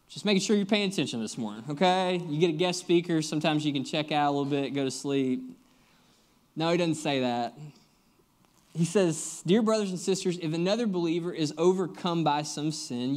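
A man's voice: a little high, a little fast, darkish tone. A young man, a guest pastor preaching a sermon, telling stories and joking with the congregation in a conversational way.

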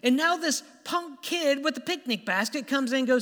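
A man preaching a sermon as animated, conversational storytelling with stammered restarts, in a church hall. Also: very high-pitched, moderate pace, hardly any pauses. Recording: long hall reverb.

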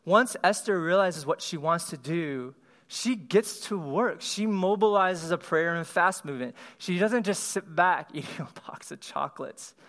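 A man's voice: high voice, a little slow, a bit bright. A man giving a conversational sermon, laughing lightly and often asking his listeners "right?".

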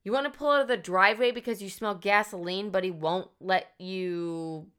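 An unhurried male emergency dispatcher who never quite listens, asking each question in a flat, plodding way, mimicked by a woman. Her bright, clear voice makes the bored tone stand out. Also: medium pitch, close to an everyday voice. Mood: dismissive. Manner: plodding, dismissive.

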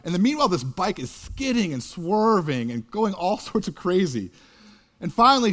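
A man in his thirties, a pastor, telling a story in a sermon in an earnest, conversational way. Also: fairly high pitch. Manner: earnest, conversational, builds to loud animated peaks.

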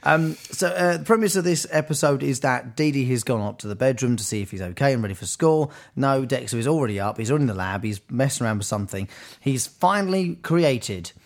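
A man's voice: mid-range voice, animated, quick pace, gravelly, few pauses. A man co-hosting a podcast, casually and animatedly retelling a cartoon's scenes. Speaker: podcast co-host. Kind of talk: casual chat.

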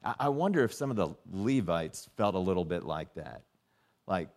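A man's voice: big pitch swings, moderate pace. A middle-aged man preaching a sermon, telling a personal story and acting out the dialogue in it. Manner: storytelling, acts out dialogue with rising and dropping pitch. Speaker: pastor.

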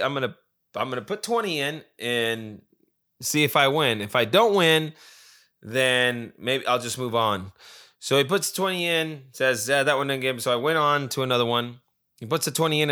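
A man's voice: medium pitch, pushed and bright. A man casually telling a rambling, profane story about a friend, with many restarts and quoted asides.

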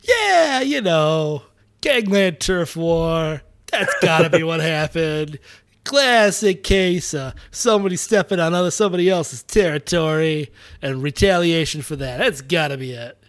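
A man doing a brash, offhand cop who waves off the case in a loud, high, drawn-out Boston twang. The voice sits well above a normal speaking register and is pushed out with force. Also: lively intonation, dry recording, clean studio sound. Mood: dismissive.

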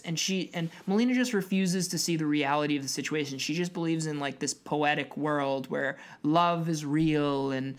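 A woman co-hosting a film podcast, retelling the plot in a chatty, animated way. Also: low-pitched, moderate pace, hardly any pauses. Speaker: podcast co-host. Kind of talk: casual film podcast chat.

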